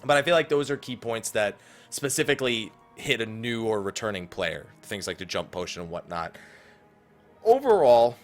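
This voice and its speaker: A man hosting a casual gaming podcast, talking in a lively way and acting out quoted people. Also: on the low side. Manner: animated, mimics people in quotes. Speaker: podcast host.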